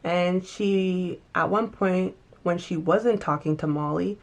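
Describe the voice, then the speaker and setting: A woman casually recapping and reviewing a TV episode, animated and emphatic, often restarting sentences. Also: on the low side, slow pace.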